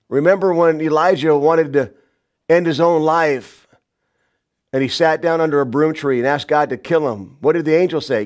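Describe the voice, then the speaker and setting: Man preaching with big dynamic swings. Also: moderate pace. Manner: dynamic preaching, swings from loud shouts to hushed low lines. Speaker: pastor. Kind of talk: sermon.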